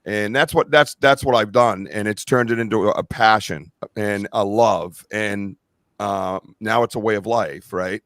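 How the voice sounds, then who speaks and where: A man's voice: lowish voice, unhurried, fairly bright tone, no echo, clean studio sound. A middle-aged man hosting a podcast, speaking earnestly and with emotion, his voice choking up at times. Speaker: podcast host. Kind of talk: casual podcast chat.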